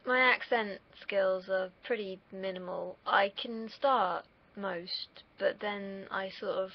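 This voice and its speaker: A woman's voice: medium pitch, fairly even intonation, slow, gravelly, lo-fi sound. A young woman from the UK, vlogging in a casual, rambling monologue that wanders off on tangents, with the odd swear word. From United Kingdom.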